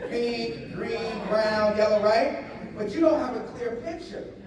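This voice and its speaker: A man giving a motivational seminar talk to a live audience, animated, repeating phrases and getting the crowd to answer back. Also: very high voice, unhurried. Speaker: motivational speaker. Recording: echoey hall, voice from a distance.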